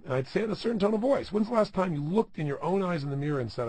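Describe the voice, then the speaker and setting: Motivational speaker, man, middle-aged: husky, gravelly, emphatic, peppers the listener with questions. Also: sits high, expressive, rapid-fire, a little mellow, no room sound. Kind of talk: self-help audio program talk.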